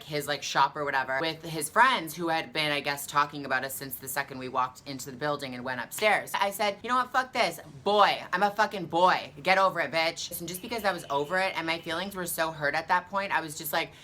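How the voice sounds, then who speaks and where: A woman's voice: deep voice, sharp tone. A young woman telling a dramatic story in a casual vlog, chatty and full of swearing, filmed on a camera propped up on a balcony. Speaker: vlogger. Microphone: camera on a makeshift tripod.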